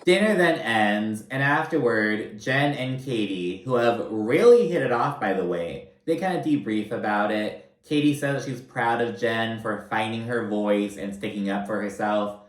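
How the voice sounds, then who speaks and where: A man's voice: on the low side, a little slow, hardly any pauses, reverberant, poor audio. Sarcastic, profane man recapping TV. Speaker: reality TV recap commentator. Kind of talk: casual recap commentary.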